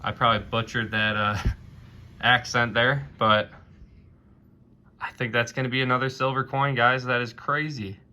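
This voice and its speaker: A man narrating his own coin hunting video in a casual, excited way, often calling out to viewers as "guys". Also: mid-range voice, moderate pace, pauses often. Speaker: coin roll hunting vlogger.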